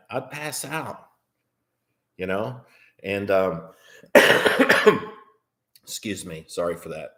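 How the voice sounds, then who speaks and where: A man telling a rambling story to his live chat, swearing freely and filling gaps with ums. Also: lowish voice. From United States. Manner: rambling, profane, with frequent fillers. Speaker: vlogger.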